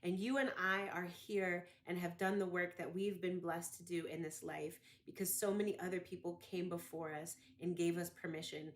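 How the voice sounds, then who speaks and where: A woman giving a heartfelt tribute to a close friend, emotional and close to tears, speaking in an affectionate, halting way. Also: on the low side, fairly even intonation.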